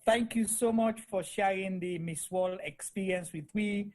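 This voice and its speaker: A Sierra Leonean woman interviewer speaks in a measured way, slipping into Krio as she sums up and moves the interview on. Her pitch sits in the middle range. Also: darkish tone. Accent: Sierra Leonean, mixing in Krio. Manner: measured, short affirming sounds. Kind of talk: interview host talk.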